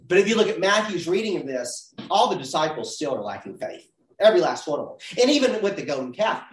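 Bible study leader, earnest, gets emphatic, asks the group stuff, echoey room, mic far away. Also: mid-range voice. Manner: earnest, rises to emphatic peaks; poses questions to the group. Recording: roomy sound from a distance.

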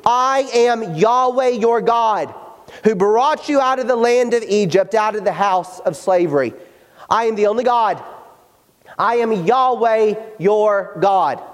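Man, high pitch, earnest preacher, slow stress on scripture, echoing church hall. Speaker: pastor. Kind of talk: sermon. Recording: hall reverb.

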